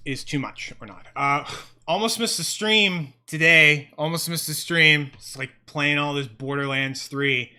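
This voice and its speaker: A man chatting casually on a home livestream into a close, sensitive mic, rambling, excitable and swearing freely. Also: on the high side, unhurried, clean tone. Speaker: fidget toy livestreamer.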